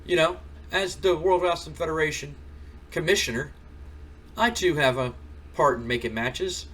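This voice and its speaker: Man putting on a panicky young wrestling commissioner, high pitched, pleading, distant mic. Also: moderate pace, fairly bright tone, slight background noise, natural voice. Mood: placating. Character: frantic young male wrestling commissioner, peacemaker.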